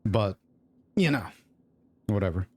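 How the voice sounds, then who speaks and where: Low-voiced man musing over gameplay. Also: lively intonation, slow pace, slightly rough, dry recording. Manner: rambling, thinking aloud with fillers and mutters. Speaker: gaming streamer. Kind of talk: casual gameplay commentary. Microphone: own microphone at desk.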